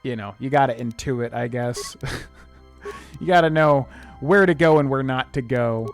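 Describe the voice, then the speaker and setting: A man's voice: medium pitch, unhurried, soft background music. A man streaming a video game, talking in a casual, rambling way and humming filler syllables while he plays. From United States. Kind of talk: let's play commentary.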